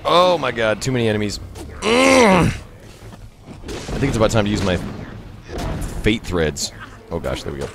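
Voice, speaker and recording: Lowish male streamer, lively swings in pitch, talkative, laughs a lot, reacts out loud to the game. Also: moderate pace, pauses often, over music. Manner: chatty, laughs often, exclaims at the game. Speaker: streamer and host. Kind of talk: casual gameplay commentary.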